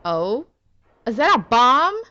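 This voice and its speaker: A woman giving casual commentary as she plays a game, excitable, exclaiming and laughing often. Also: on the high side, slow, lo-fi sound. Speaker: let's play gamer.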